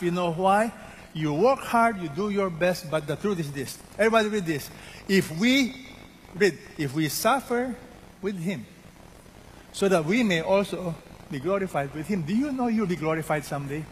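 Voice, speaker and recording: An older preacher, his voice sitting a bit higher than most men's. He drives home each point by repeating it and firing questions at the congregation. His sermon rings out with a long reverb, as if in a big hall. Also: animated, normal speed, a little hiss or hum. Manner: emphatic, repeats key words, asks the congregation questions.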